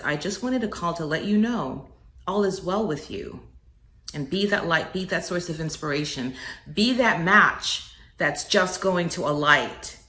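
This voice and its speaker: Deep-voiced woman giving an uplifting pep talk, kinda churchy, roomy echo. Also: bright, forceful tone. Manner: earnest, preacherly, swells on key words. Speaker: inspirational speaker. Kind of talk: motivational message.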